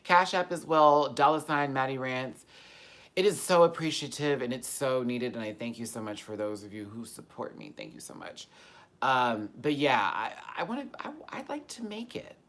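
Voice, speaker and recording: A man hosting a casual live-stream Q&A, talking candidly and swearing freely, with loud animated bursts that drop to soft, quiet asides. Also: medium pitch, normal speed. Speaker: YouTube host answering viewer questions.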